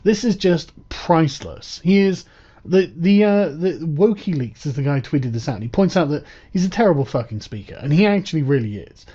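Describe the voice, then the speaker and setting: Brief: male commentator, sarcastic and mocking, warm mellow voice, dull lo-fi audio. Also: a little high, expressive, a little fast, slightly rough. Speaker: commentator reacting to clips. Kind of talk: profane reaction commentary.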